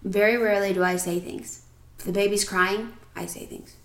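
A woman co-hosting a casual podcast, telling stories with animated retellings. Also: medium pitch, moderate pace. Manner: animated storyteller, acts out quoted people loudly. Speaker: podcast co-host. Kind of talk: casual chat, storytelling. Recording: echoey room.

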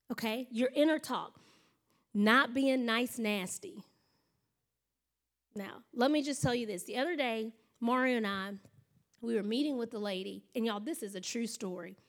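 A woman pastor preaching a sermon in an animated storytelling manner, acting out her own thoughts and laughing often. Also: on the high side.

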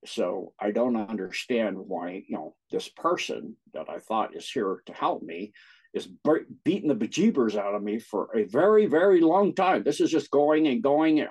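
A man, an interview guest, telling personal stories in casual talk, with a husky voice and frequent laughs. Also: medium pitch, lively intonation, normal speed, darkish tone, rough recording. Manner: laughs often while recounting.

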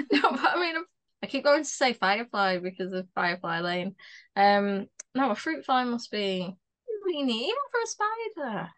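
A woman's voice: on the high side, very animated, moderate pace, a bit bright. A woman co-hosting a podcast in casual chat, jokey and laughing often. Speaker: podcast co-host.

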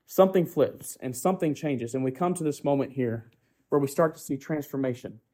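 A man's voice: mid-range voice, a little fast, mellow. A man preaching a sermon who keeps asking the congregation rhetorical questions, often tagging "right?", and builds his points through repetition.

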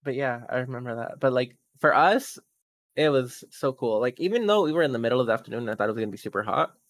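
A man looking back fondly in a relaxed podcast chat. His voice sits in the middle range and stays easy and upbeat. The recording is dry and close, with no room echo. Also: medium pitch, fast. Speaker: podcast co-host. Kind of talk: casual chat, reminiscing.

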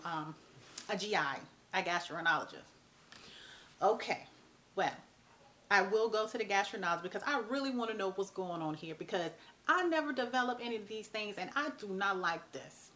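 A woman, talking casually and bluntly to camera as a vlog host. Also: medium pitch. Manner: animated, chatty, blunt, mild cursing.

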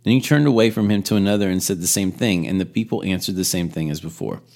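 A man's voice: low voice, fast, creaky, a little mellow. A man teaching a Bible lesson in a casual, storytelling way, with asides and restarts. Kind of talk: conversational sermon retelling scripture.

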